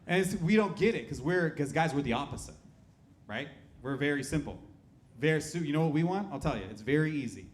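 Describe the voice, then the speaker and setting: Brash high-voiced male stand-up comic. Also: lively intonation, fairly quick, slight background noise. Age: 30s. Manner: crude, brash, talks to the crowd. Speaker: stand-up comedian. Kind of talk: stand-up comedy set. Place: comedy club stage.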